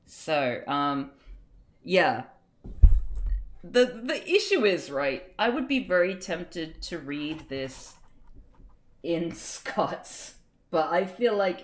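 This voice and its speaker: A woman's voice: low-pitched, expressive, slow pace. A woman streamer chatting casually and self-mockingly between readings on a livestream.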